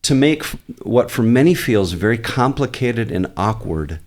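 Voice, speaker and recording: A man's voice: mid-range voice, animated, moderate pace. A man who is a pastor, guesting on a podcast and explaining his ideas earnestly and at length. He often restarts his sentences and brings in light humor. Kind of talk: casual podcast interview.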